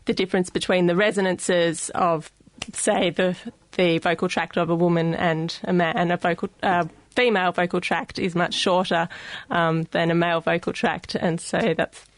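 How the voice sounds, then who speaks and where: A woman with an Australian accent, a guest expert explaining speech science on a radio show in a studio, careful and measured with frequent ums. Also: lowish voice, flat delivery, no room sound. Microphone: studio mic.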